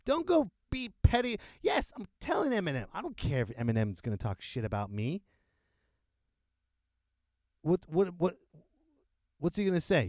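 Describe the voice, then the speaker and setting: A man hosting a podcast, delivering an unscripted comedic rant in an animated, joking way and laughing often. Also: high-pitched, no echo, studio quality. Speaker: podcast host. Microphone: close podcast microphone.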